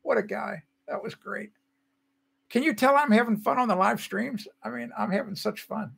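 Chatty older man, bright high voice. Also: normal speed, creaky, slightly rough. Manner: chatty, reads out viewer comments and greets viewers by name. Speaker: livestream host. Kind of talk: casual livestream chat.

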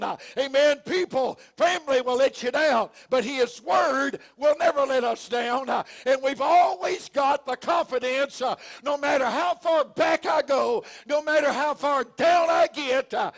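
A man preaching a fervent sermon as pastor, often breaking into shouts and peppering his lines with "uh, amen.". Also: very high-pitched, gravelly. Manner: folksy, homespun delivery.

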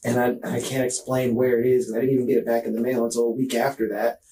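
A man's voice: medium pitch, little pitch movement, quick pace, mellow, recorded from a distance, slight background noise, poor audio. A man giving a recorded statement during a police interview, agitated and pleading, often breaking off and repeating his words. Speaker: murder suspect under police questioning.

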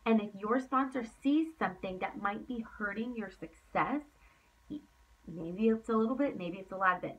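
A woman's voice: mid-range voice, moderate pace, fairly bright tone, slightly rough, distant mic, low-quality recording. A woman giving a motivational coaching talk to her sales team. She is emphatic, repeats points for effect, and is tired from talking late at night. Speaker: team leader.

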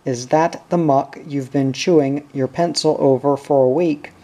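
A man reading a gruff, sarcastic miner who grumbles in slow, unhurried phrases. The voice is dark and mellow, and the tone is sharp-tongued, in a plain audiobook reading. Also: medium pitch, steady tone, natural voice. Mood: scornful.

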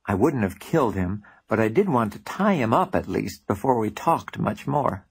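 A man's voice: fairly low pitch, very animated, moderate pace, vocal fry, hardly any pauses, husky. A man, the author, narrating his own book as a first-person audiobook in a plain storytelling manner.

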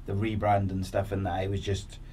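A man's voice: deep voice, monotone, brisk, dark tone, recorded from a distance, slight background noise. A man hosting a podcast, asking chatty questions full of fillers. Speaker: podcast host. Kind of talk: casual interview chat.

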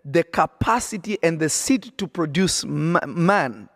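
A man's voice: on the high side, expressive, unhurried, a bit bright, dry recording. A man preaching on a podcast, emphatic and repetitive, often checking that listeners follow. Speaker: prophet and podcast host.

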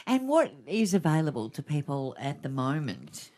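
A woman hosts a radio interview with a very low voice. Her pitch moves in a lively way as she asks questions. She keeps the talk conversational and curious. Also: normal speed. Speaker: radio host.

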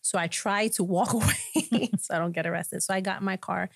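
Animated woman pastor telling her story. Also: medium pitch, fairly quick, creaky, slightly rough, no echo. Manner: laughs often between lines. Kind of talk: personal testimony in a podcast conversation.

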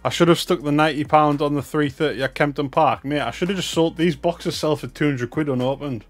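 North east english guy on a card-opening stream, mopey and self-mocking, bit of music playing quietly behind. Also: a little high, fairly quick. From North East England. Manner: glum, self-mocking, chatting to viewers. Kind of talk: casual livestream chat.

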